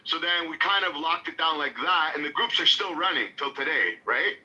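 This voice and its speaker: A man's voice: fairly high pitch, moderate pace, sharp tone, dull audio. A man telling a long, profane story in casual chat, full of fillers and quoted voices.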